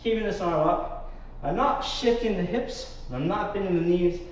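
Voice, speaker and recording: A high-pitched man coaches a live Pilates session at a moderate pace, counting reps as he exercises and occasionally running short of breath. The warm studio recording is echoey, distant, and slightly muffled, with slight background noise.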